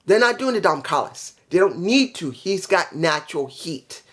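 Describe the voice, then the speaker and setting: A man's voice: sits high, sing-song, normal speed, a bit bright. Guy ranting through a wrestling show review, swears a lot, rambles, lots of ums when he blanks. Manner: rambling, profane, blunt opinions; trails off with fillers when forgetting. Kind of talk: casual solo review.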